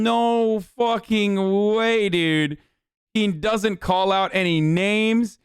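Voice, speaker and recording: A man hosting a live stream, cursing and incredulous as he rants. His high, smooth voice sits close and dry in the recording. He talks in a casual way. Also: drawn-out words, no echo. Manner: profane, heated and incredulous. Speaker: streamer host.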